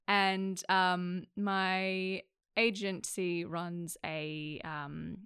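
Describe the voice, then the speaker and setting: A woman who teaches acting, chatting casually and telling animated stories with frequent laughs. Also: mid-range voice, slow pace, clear, resonant tone, dry recording, studio quality. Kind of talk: casual chat.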